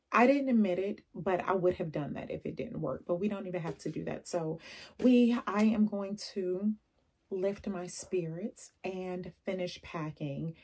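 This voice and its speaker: A young adult woman vlogging casually, telling animated stories with laughs and asides. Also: fairly low pitch, normal speed, vocal fry, breathy edge. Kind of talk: casual chatty vlog.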